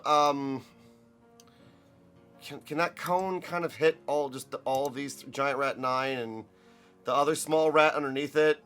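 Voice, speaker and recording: Dude playing dnd, slow talker, laughs a lot, yells sometimes, music behind. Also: male voice, mid-range voice, clean tone. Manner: animated, laughing, jumps to loud outbursts. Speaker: player. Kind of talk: playing a tabletop game.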